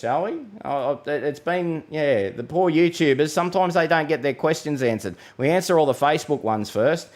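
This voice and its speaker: A man's voice: a little high, animated, moderate pace, few pauses, a little mellow. Australian male weather host, middle-aged, casual matey live-stream chat, reads comments and laughs easily.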